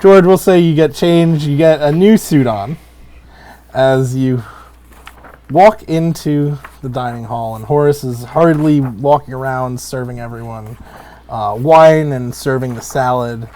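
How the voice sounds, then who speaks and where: Slow-talking male game master. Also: mid-range voice, warm tone. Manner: unhurried, hesitant with fillers. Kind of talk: narrating a tabletop game.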